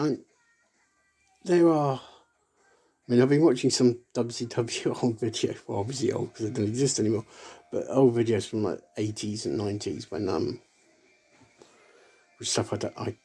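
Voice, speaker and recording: A man rambling casually to camera in a solo vlog, halting and restarting often and breaking into laughter. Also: mid-range voice, dark tone, slightly rough. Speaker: vlogger.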